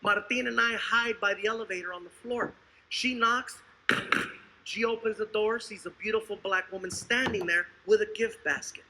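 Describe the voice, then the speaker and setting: Animated male stand-up storyteller. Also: high voice, normal speed, poor audio. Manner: animated, acts out each character. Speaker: stand-up comedian. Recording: live stage set with loud crowd noise.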